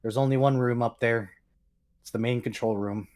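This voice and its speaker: Male game master with an even mid voice who narrates at ease. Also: medium pitch, moderate pace. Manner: descriptive, relaxed, with fillers.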